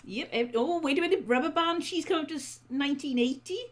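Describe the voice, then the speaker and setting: A woman's voice: high-pitched, brisk. A Welsh woman co-hosting a casual live stream, chatty and playful, explaining things like a friendly teacher. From South Wales.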